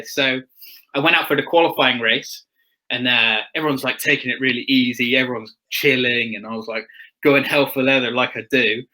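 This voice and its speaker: In a fairly high, sharp-toned voice, a young motocross rider guests for a casual chat. He's a chatty storyteller who laughs a lot and performs the quotes, though the audio is poor.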